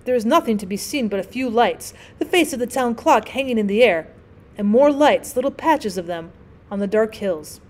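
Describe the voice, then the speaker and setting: A woman teacher narrating a classic short story as an audiobook, with clear, measured storytelling. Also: fairly high pitch, lively intonation. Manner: clear, measured storytelling with gentle voices for characters.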